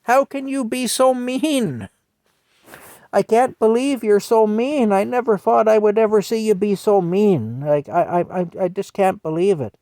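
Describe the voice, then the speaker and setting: A man voicing his earnest three-year-old self, scolding someone in a slow, reproachful way. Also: sits high, mellow, no echo, voice pushed up. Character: earnest scolding little boy, three or four years old.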